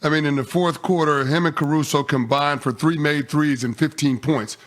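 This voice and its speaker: A middle-aged man on a sports talk show, laying out his analysis point by point in a measured way. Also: a little high, fairly even intonation. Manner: measured, walks through stats point by point.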